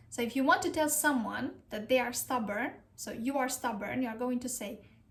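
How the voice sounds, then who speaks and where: A woman's voice: a little high, a bit bright. A woman from Romania teaching pronunciation, carefully sounding out and repeating each word. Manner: slow, careful repetition of words. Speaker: language teacher. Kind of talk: pronunciation lesson.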